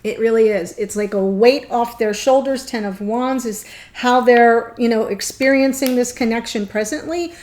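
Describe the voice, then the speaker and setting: A woman giving a gushing, excitable tarot reading, choked up and near tears. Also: fairly high pitch, moderate pace, hardly any pauses. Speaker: tarot reader.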